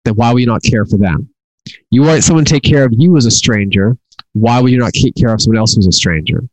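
A middle-aged Bible teacher with a medium-pitched voice teaches from the Torah at a quick pace. He is earnest and frequently repeats and restarts his words, captured in a low-quality recording with no echo.

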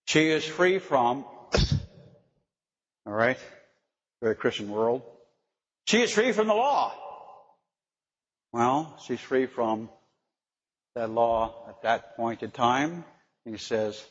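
A man delivers a sermon in an unhurried, deliberate way, stressing his words and pausing to put questions to his listeners. The recording is dull and lo-fi, and his voice rings out with the long reverb of a large hall. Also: medium pitch, lively intonation. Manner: slow, emphatic, asks the listeners questions. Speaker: preacher.

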